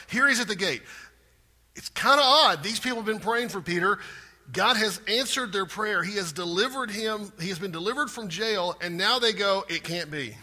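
A man preaching a sermon as pastor, animated, acting out scripture scenes and putting questions to his congregation. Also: high voice, breathy edge. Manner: animated, acts out scripture quotes with rising intensity; asks the congregation direct questions.

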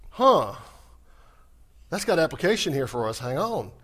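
Pastor guy preaching, fast and jokey, voice jumps all over, kinda high. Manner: animated, humorous, talks fast. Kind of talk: sermon.

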